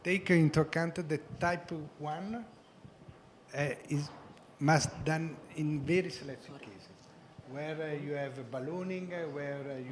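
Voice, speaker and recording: A man speaking as a surgeon in a panel discussion, explaining earnestly with many pauses and fillers. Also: a little high, a little hiss or hum.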